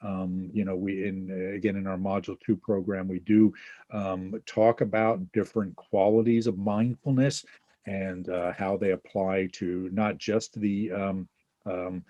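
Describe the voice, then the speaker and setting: A man with a fairly low voice teaching a webinar over a video call, acting out short scenes to make his point. He keeps checking in with "right?" and "okay?", and the sound is dry and close with no room around it. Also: little pitch movement, unhurried, warm tone, no echo, highs cut off. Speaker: webinar presenter. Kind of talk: teaching talk with examples.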